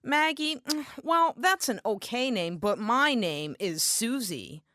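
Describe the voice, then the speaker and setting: A woman voicing a brash, nosy young female hairdresser with a loud, mocking manner. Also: fairly high pitch, big pitch swings, takes it slowly, dry recording, clean studio sound, exaggerated voice. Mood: chatty.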